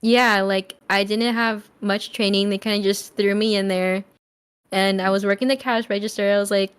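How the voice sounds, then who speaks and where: A young woman chatting as a podcast guest, telling a story in an animated way and acting out the lines of the people in it. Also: medium pitch, moderate pace, clear, resonant tone. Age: young adult. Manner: animated storyteller, acts out quoted dialogue. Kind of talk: casual chat.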